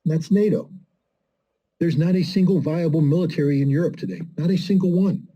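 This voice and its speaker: A man's voice: on the high side, fairly quick, dark tone, husky, lo-fi sound. A man giving emphatic, scornful political commentary, firing off rhetorical questions as a guest in a conversation. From United States.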